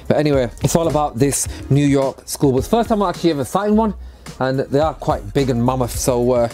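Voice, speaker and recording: A man's voice: medium pitch, lively intonation, a little fast, mellow, soft background music. A man talking casually to camera in a vlog, upbeat and chatty, outdoors beside a bus. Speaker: vlogger and bus converter.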